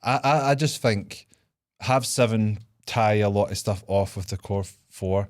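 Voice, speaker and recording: A man's voice: on the low side, a little slow, dry recording, clean studio sound. A man co-hosting a casual podcast, laughing often as he lays out long fan theories. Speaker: podcast co-host. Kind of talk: casual chat.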